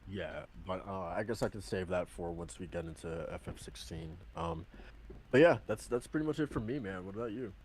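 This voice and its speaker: A man with a fairly low voice rambles through a casual podcast chat. He fills his talk with hesitations, restarts and quick laughs. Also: darkish tone, a little hiss or hum. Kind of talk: casual chat about video games.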